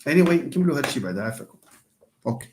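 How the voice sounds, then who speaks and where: A man's voice: medium pitch, sing-song, rapid-fire, a little mellow, a little hiss or hum. A man with a Moroccan accent giving a classroom lecture as a university English teacher, mixing in Arabic and French and repeating key words for emphasis.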